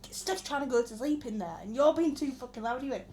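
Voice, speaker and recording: A woman's voice: sits high, animated, fast talker, dark tone, slight background noise. A woman, chatting casually and telling stories with acted-out quotes and lots of swearing. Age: 20s. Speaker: podcast co-host. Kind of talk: casual chat.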